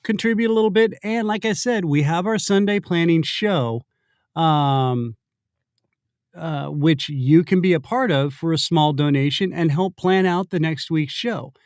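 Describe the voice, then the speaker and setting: A man's voice: a little high, a little slow, no echo, studio quality. Upbeat male livestream host. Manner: upbeat, joking, rambling with fillers. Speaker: show host. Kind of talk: casual livestream chat.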